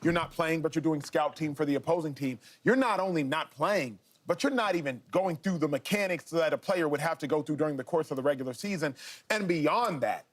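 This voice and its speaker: A man argues on a sports debate panel, pressing his case and circling back to hammer it home. His voice sits a little high for a man. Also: fairly quick. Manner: emphatic, argumentative, repeats points.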